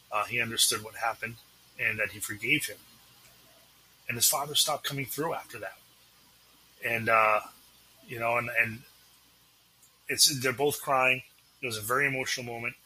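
A man's voice: medium pitch, pushed and bright, a little hiss or hum, poor audio. A man with a Massachusetts accent, a paranormal investigator, telling a story and acting out the dialogue as a podcast guest.

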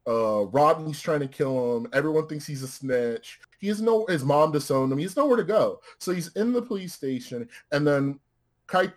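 A man's voice: fairly high pitch, normal speed. A man in casual chat, animatedly retelling a film with plenty of profanity. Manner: animated, profane storytelling with frequent restarts.

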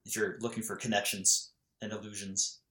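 A man's voice: lowish voice, flat delivery, brisk, bright, forceful tone. Chatty man in a roomy space. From Canada. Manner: chatty, leads the talk. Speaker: podcast host. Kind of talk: casual book discussion. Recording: roomy echo.

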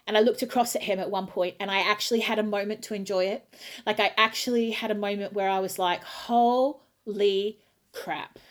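An Australian woman in middle age, an opera singer talking casually in an interview, telling a lively story and acting out her own quotes. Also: medium pitch, quick pace.

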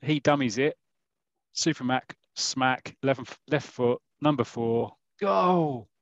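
A man's voice: mid-range voice, fairly even intonation, slow pace, no echo. South East London man spinning mock commentary. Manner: rambling, with self-interrupting restarts and asides. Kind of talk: comic storytelling in mock football commentary. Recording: dull lo-fi recording.

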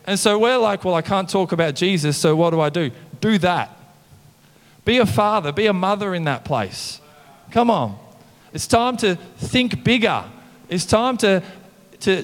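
A man preaching a casual, animated sermon, often saying "come on". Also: high voice, long reverb tail. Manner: animated, conversational preaching with mimicked voices and "come on" refrains. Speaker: pastor.

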